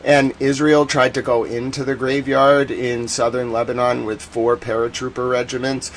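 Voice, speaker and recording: Against a faint hum, a talkative man from the United States rambles through live-stream commentary at a moderate pace. His voice has ordinary pitch and little pitch movement, and his slang-filled chatter occasionally bursts into loud indignation.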